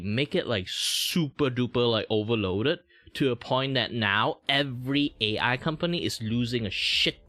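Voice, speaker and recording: A man's voice: mid-range voice, a bit bright, dry recording. A man from Malaysia with a Malaysian English accent, chatting casually on a livestream as host, rambling with many fillers and the odd swear. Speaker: vtuber streamer. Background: faint background music.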